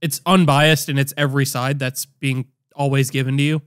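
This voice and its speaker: A man's voice: medium pitch, little pitch movement, moderate pace, a bit bright, clean tone, no room sound, studio quality. A man co-hosting a casual podcast, making crude joking interjections. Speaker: podcast co-host.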